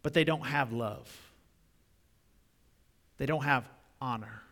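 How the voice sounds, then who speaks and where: A young adult man preaching a sermon in a church, talking conversationally, repeating words and swelling louder on key points. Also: mid-range voice, slow. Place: church sanctuary. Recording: long reverb of a church hall.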